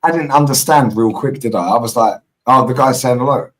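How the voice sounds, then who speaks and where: A London man with a mid-range voice, hosting a football chat stream. He tells stories in quick, animated slang and swears freely. He sounds set back from the mic. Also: medium pitch, recorded from a distance, rough recording. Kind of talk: casual chat.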